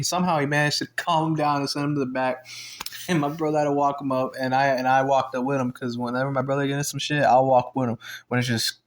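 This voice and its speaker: A young man telling a story in a casual vlog, profane and rambling, breaking into laughter often. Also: medium pitch. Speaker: vlogger.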